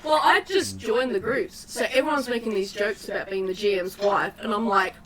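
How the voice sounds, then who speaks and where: A woman playing a tabletop game, chatty and quick to get excited. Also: a little high, crowd noise, poor audio. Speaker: player. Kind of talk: casual tabletop play.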